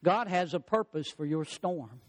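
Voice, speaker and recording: A man preaching a sermon, building emphasis through repeated phrases and stretching key words slowly. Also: fairly high pitch, lively intonation. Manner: preaching with rising, emphatic repetitions. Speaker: pastor.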